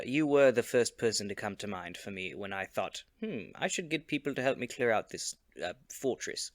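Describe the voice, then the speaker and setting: A man's voice: fairly low pitch, animated, a little fast, few pauses, no echo. A man playing a tabletop game, speaking in an eager, upbeat way. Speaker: player. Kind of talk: in-character tabletop game play.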